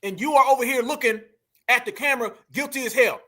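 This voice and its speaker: A man's voice: very high voice, fast talker, bright, forceful tone. A man hosting a commentary show, reacting to video clips and talking emphatically straight to his viewers. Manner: emphatic, repeats phrases, addresses viewers as family. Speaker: commentary channel host.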